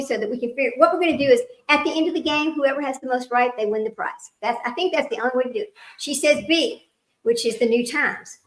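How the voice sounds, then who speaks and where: Hosting a laid-back trivia game on a livestream, this middle-aged woman chats with viewers as if they were longtime friends, laughing frequently and wandering between asides. Her voice is high and a bit bright, on a rough recording.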